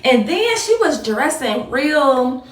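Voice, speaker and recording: Woman storyteller, casual and animated, fairly high voice, echoey room, set back from the mic. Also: slow, recorded from a distance. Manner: animated, addresses viewers as y'all.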